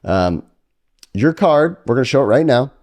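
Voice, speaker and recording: A man's voice: medium pitch, lively intonation, normal speed, a little mellow. A man hosting a casual podcast chat, joking as he presents player cards to a guest. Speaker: podcast host.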